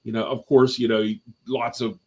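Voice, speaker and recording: A man's voice: mid-range voice, little pitch movement, moderate pace, slightly rough. A man chatting casually as a guest on a live movie review stream from home, rambling with lots of fillers and restarts.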